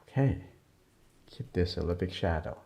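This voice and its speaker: A man with a deep, gravelly, mellow voice talks an art lesson through as he draws. He murmurs in short, simple, broken phrases. The recording is dull and lo-fi. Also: expressive, moderate pace. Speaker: art teacher. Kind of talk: drawing lesson narration while working. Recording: dull lo-fi sound.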